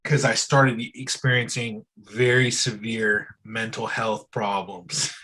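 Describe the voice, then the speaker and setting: A man's voice: on the low side, little pitch movement, takes it slowly, sharp tone, breathy edge, low-quality recording. A man as an interview guest in casual, candid conversation, speaking loosely and frankly and often saying "bro" and "dude".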